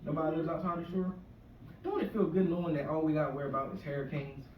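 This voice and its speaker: A man's voice: a little high, steady tone, fast, lo-fi sound. A man in his forties from the US East Coast shore doing a rambling, profane stand-up rant in a conversational way. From US East Coast shore area. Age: 40s. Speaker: stand-up comedian. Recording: echoey room, mic from a distance, faint noise.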